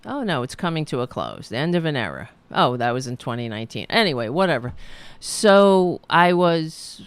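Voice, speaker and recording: A woman's voice: low voice, sing-song, moderate pace, clean tone, dry recording. A woman hosting a talk show, speaking bluntly and swearing freely, rambling with restarts. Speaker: podcast host. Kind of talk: casual opinion talk.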